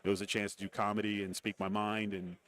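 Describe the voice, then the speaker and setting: A man's voice: lowish voice, quick pace. A middle-aged man, a guest on a radio show, telling stories in a casual interview and acting out the voices of people he quotes. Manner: animated storyteller, acts out quoted voices. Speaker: guest, former wrestler and TV commentator. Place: radio row broadcast booth.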